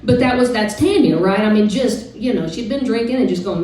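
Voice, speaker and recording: A woman on a live club stage, talking between songs in a loose, chatty storytelling way. Her voice is dark and mellow. She is picked up from a distance, in a very echoey room with faint music around her. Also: fairly high pitch, fairly quick. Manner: chatty, relaxed storytelling with fillers. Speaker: singer-songwriter performing live.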